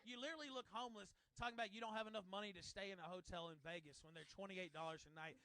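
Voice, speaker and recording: Man streamer, high-pitched, sharp and bright, cursing and combative rant. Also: rapid-fire, no room sound. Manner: aggressive, swearing, mocks others in shouted high voices. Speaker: streamer in a played clip. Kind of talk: profane angry rant.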